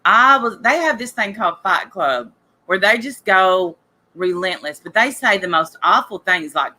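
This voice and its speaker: This podcast host is a woman running a casual talk show, rambling and gossiping straight to her listeners while she's sick with a cough. Her chatty voice is medium-pitched, pushed and bright, with lively intonation and a moderate pace.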